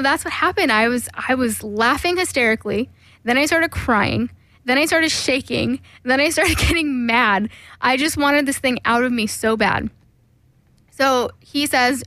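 A woman's voice: high voice, fairly bright tone, no echo. A young woman telling a candid personal story on a podcast, frank and laughing often, with plenty of fillers.

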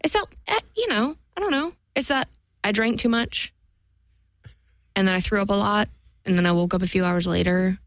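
Gravelly, blunt young woman co-host. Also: medium pitch, expressive, normal speed, pauses often, dry recording. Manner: blunt, swears freely, laughs often. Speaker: podcast co-host. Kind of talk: casual banter.

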